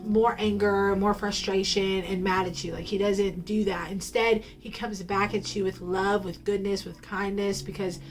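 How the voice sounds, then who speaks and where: A woman's voice: mid-range voice, level tone, normal speed, hardly any pauses, soft background music. A woman telling a personal faith story straight to camera in a casual, playful way, full of slang and ums. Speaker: faith vlogger.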